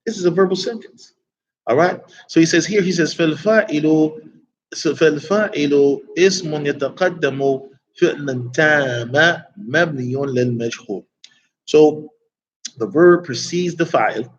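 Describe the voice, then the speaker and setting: A man's voice: fairly high pitch, muffled recording. A man teaching an Arabic grammar class in a casual, chatty way, often asking the class rhetorical questions.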